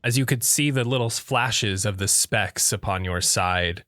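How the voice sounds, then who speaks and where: A man narrating as game master in a tabletop game, measured and descriptive. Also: on the low side, bright, forceful tone, no room sound, clean studio sound.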